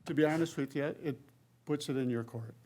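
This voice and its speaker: A man's voice: medium pitch, a little fast, a little mellow, slight background noise. A man leading a city council workshop discussion, talking loosely and conversationally with many fillers. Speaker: city council presiding member.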